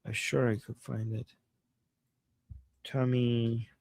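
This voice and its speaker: A man from Iran co-hosting a livestream, reacting excitedly to rally footage and reading chat messages aloud. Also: mid-range voice, takes it slowly, vocal fry, dry recording. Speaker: livestream co-host. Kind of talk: live commentary on rally footage.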